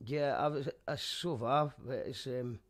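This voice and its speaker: A male radio host chatting casually, halting and rambling as he talks. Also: mid-range voice. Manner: hesitant, rambling with many restarts.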